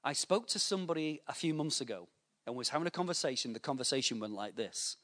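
A man's voice: medium pitch, quick pace. A man preaching a sermon to a church, telling anecdotes and acting out the voices in them. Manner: storytelling with lively voiced anecdotes. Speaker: pastor.

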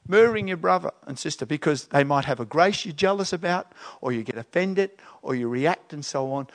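Animated man preaching. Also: on the high side. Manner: animated, acts out voices and questions. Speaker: pastor. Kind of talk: conversational sermon.

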